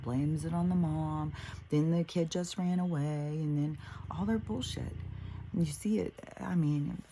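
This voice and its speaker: A woman's voice: sits low, vocal fry, warm tone, a little hiss or hum. A middle-aged woman hosting a spiritual show, telling a story in a blunt, casual way that is full of swearing and fillers. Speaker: spiritual podcast host.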